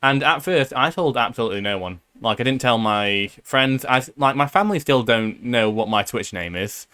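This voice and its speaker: A man's voice: medium pitch, moderate pace, pushed and bright, clear, resonant tone. A British man hosting a casual podcast over a call, swearing freely and laughing often. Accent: British English. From Britain. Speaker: podcast host. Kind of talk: casual chat.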